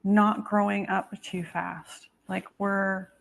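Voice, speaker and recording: A woman with a gravelly, fry-laced voice talks a client through a psychic reading over a video call. She speaks in halting bursts, filling every gap with "um" and "like". Her voice sits mid-pitch and comes across as informal rather than polished. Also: level tone. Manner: halting, full of "um" and "like". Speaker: psychic medium.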